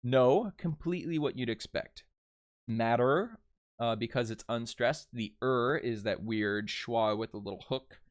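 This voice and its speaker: A young man giving a casual video lesson on phonetics and dialects, relaxed and chatty, with fillers and restarts. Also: mid-range voice, a little slow. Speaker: dialect coach.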